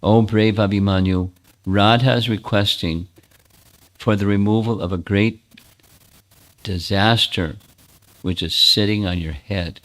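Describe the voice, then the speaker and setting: A man with a deep voice speaking as a solemn goddess deity, formal and grave, in a retold story. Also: steady tone, measured pace, pauses often, a bit bright.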